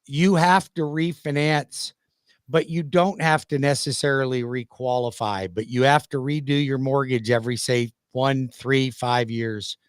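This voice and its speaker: A man's voice: medium pitch, steady tone, measured pace, clean tone, no echo, studio quality. A man co-hosting a casual mortgage discussion, explaining points emphatically and with confidence.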